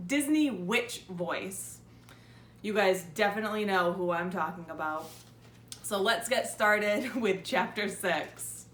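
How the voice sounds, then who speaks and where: A woman's voice: on the high side, a little hiss or hum. Friendly teacher woman reading aloud, echoey room. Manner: friendly, relaxed, with ums. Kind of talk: reading a chapter book aloud to a class.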